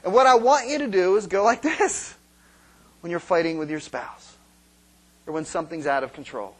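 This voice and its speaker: A high-pitched, slightly bright-voiced man preaches on marriage at normal speed in a conversational style. He poses questions to the congregation and acts out quarrels in quoted voices.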